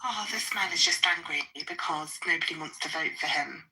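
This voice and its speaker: A woman's voice: deep voice, moderate pace, bright, forceful tone, rough recording. A woman with an English accent, teasing and provoking others in a voice chat argument.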